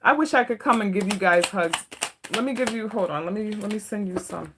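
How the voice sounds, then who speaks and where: A woman doing a live stream tarot reading, speaking to viewers in a gentle, emotional, comforting way that turns tearful at times. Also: mid-range voice, fairly quick, very noisy. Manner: emotional, comforting, talks to chat. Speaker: tarot reader.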